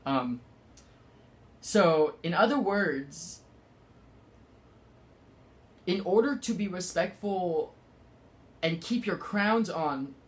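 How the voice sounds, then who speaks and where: A man giving a casual spiritual talk, rambling with many fillers and halting restarts. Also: fairly high pitch. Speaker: spiritual vlogger.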